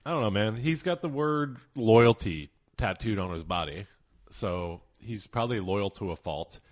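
A man's voice: on the low side, normal speed. A man co-hosting a podcast in casual sports chat, hedging and thinking aloud as he makes his point. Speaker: podcast co-host.

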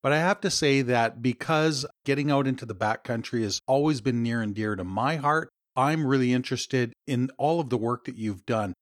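A man's voice: mid-range voice, normal speed, hardly any pauses, dry recording, clean studio sound. A Canadian man hosting a podcast interview, telling a personal story and welcoming his guest. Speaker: podcast host.

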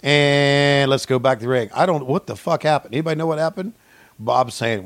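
A man co-hosting a podcast, riffing a profane mock play-by-play that swings from low mumbling to yelled excitement. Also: normal speed, vocal fry, no echo. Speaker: podcast co-host.

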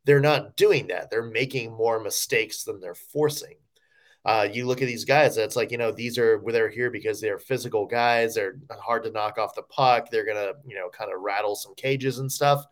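A man co-hosting a sports podcast in casual chat, giving lively, joking analysis full of "you know" and "like". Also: lowish voice, normal speed. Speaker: podcast co-host.

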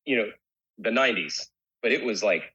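Brief: man, low husky voice, candid rambling interview guest, slightly muffled recording. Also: expressive, moderate pace, pushed and bright. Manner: candid, rambling with many restarts. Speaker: guest, rock singer. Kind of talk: casual interview chat.

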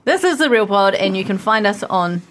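A woman's voice: medium pitch, expressive, moderate pace. Kiwi lady hosting a chatty podcast, bouncy voice, laughs a lot. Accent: New Zealand. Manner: bubbly, laughs often. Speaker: podcast host. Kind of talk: casual chat. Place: podcast studio.

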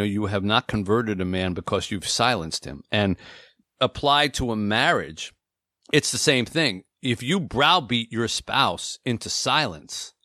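A man in his forties co-hosting an advice talk show, speaking earnestly and slowing down to stress his key points. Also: mid-range voice, bright, forceful tone, no room sound, studio quality. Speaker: co-host.

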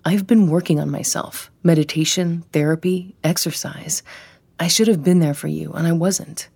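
A woman reading an audiobook, voicing a smug, pushy man who keeps justifying himself in a glib, quiet way. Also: deep voice, steady tone, normal speed, vocal fry, slightly rough, no echo, exaggerated voice. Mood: pleading. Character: male ex-boyfriend, smug, pushy, self-justifying.

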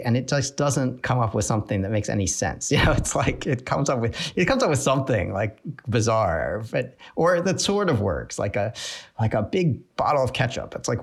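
A man's voice: mid-range voice, very animated, normal speed, vocal fry. A man being interviewed who explains a subject with hesitations and many fillers. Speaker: interviewed expert.

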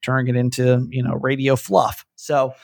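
A man with a light Southern American accent hosts a podcast in a loose, rambling chat, laughing often. His voice sits at a middling pitch and sounds dry and close, with almost no room around it. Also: monotone, dry recording. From Southern United States. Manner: rambling, chatty, quick laughs. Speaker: podcast host.

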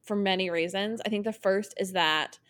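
Speaking at a normal pace, this podcast host has a mid-range, slightly bright voice with a clean tone. She's a young woman chatting casually and with enthusiasm, frequently stopping to fix what she just said.

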